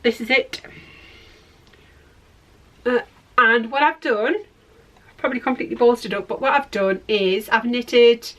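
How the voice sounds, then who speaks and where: A woman's voice: fairly high pitch, measured pace, long pauses, a bit bright. A middle-aged woman hosting a knitting podcast, rambling and self-deprecating in casual chat while showing her work to the camera.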